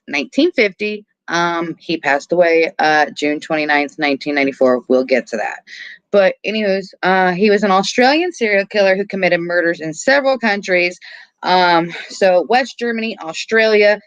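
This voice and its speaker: A woman's voice: on the low side, dry recording, muffled recording. A woman co-hosting a casual podcast, chatting loosely, laughing often, swearing freely and poking fun at herself. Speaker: podcast co-host. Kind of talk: casual chat.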